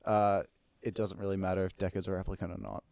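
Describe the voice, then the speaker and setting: A man's voice: low-pitched, flat delivery, quick pace, gravelly, a little mellow, no room sound. Rambling young man, dry mic. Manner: rambling, filler-heavy, repeats words. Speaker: podcast co-host. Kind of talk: casual chat.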